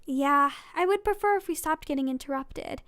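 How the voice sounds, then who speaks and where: A woman's voice: high-pitched, moderate pace, a bit bright, no echo, studio quality. A woman reading aloud a sly, smitten teenage boyfriend in her own voice.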